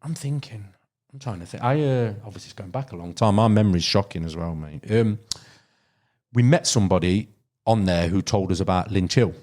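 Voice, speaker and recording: A man's voice: fairly low pitch, a little fast, a little mellow. A middle-aged man with an English Midlands accent, chatting casually as a podcast guest and telling rambling anecdotes full of ums and "you know". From Derbyshire, England. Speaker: podcast guest, carp angler. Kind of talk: casual podcast chat, storytelling.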